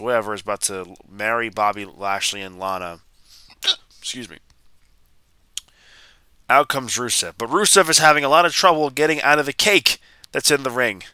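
A man's voice: medium pitch, sharp tone, clear, resonant tone, dry recording. A man hosting a podcast, retelling a wrestling segment in a rambling, exasperated way with frequent restarts. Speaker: podcast host. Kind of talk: casual wrestling recap.

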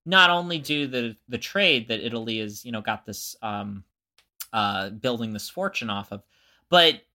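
A man's voice: medium pitch, expressive, normal speed, sharp tone. A man co-hosting a podcast who explains history in a casual way and thinks aloud. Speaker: podcast co-host.

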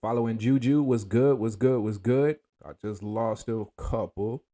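A man hosting a casual livestream, talking in a laid-back, slangy way and greeting viewers by name with shout-outs. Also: lowish voice, measured pace. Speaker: livestream host.

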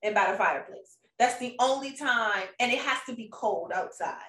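A woman's voice: a little high, expressive, normal speed, sharp tone, distant mic. A woman co-hosting a casual podcast chat, playful and teasing, often laughing as she talks. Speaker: podcast co-host. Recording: roomy sound, a bit off-mic.

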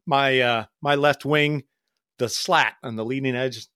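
A man's voice: medium pitch, measured pace, clear, resonant tone, dry recording, studio quality. A middle-aged man telling flying stories in a casual podcast chat, acting out the voices of the people in them. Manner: animated, acts out quoted voices. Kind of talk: casual storytelling.

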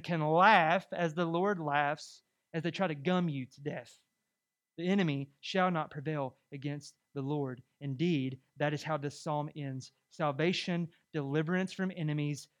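Rhetorical questions to the congregation run throughout this conversational, animated sermon by a male pastor. He speaks in a high-pitched voice.

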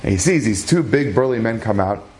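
Brief: inspirational male storyteller, dramatic pauses, lively. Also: on the low side, a little hiss or hum. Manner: animated, dramatic pauses, shifting pace.

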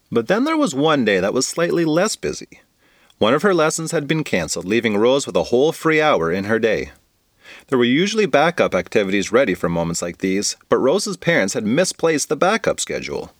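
A man's voice: medium pitch, dry recording, studio quality. A man narrating a goofy children's story in a playful, comic manner. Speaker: podcast storyteller.

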